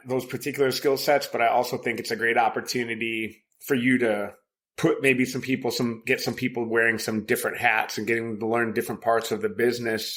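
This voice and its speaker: A man's voice: mid-range voice, fairly bright tone. A man co-hosting a casual podcast, telling stories in a profane, rambling way with many fillers and bursts of laughter. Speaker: podcast co-host.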